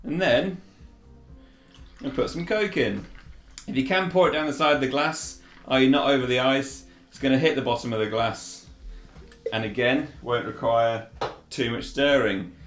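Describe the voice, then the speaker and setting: A man hosting a relaxed cocktail demonstration, chatting casually as he makes a drink. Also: mid-range voice, normal speed, roomy sound, soft background music. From Yorkshire, England. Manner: chatty and relaxed, with fillers and restarts. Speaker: bartender host.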